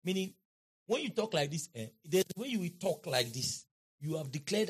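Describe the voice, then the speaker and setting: A man preaching a sermon in an auditorium, leading the crowd in call-and-response and building to shouts and chants. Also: fairly high pitch, very animated, fairly quick, breathy edge. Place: large auditorium.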